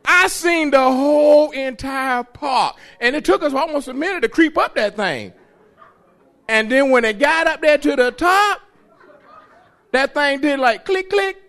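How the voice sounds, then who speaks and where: A man giving an animated testimony in church, folksy and excitable, laughing and hollering as he tells it. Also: measured pace. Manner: folksy, excitable, laughs while telling, hollers at the high points. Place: church sanctuary.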